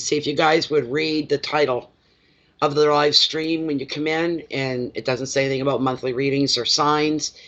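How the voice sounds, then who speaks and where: A man's voice: medium pitch, sharp tone, muffled recording. A man who reads tarot cards, chatting casually on a live stream, greeting viewers by name and rambling between readings. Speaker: tarot card reader.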